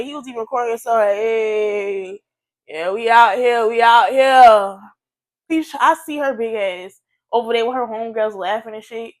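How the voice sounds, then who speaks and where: Chatty young woman, slightly high voice. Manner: animated, profane, chatty retelling. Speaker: vlogger. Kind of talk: casual storytime.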